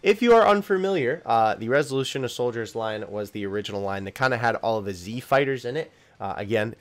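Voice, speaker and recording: A young man hosting a casual commentary video, reacting to each item with quick laughs and sudden excited exclamations. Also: on the low side. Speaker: YouTube host covering figure news. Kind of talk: casual commentary while reading news.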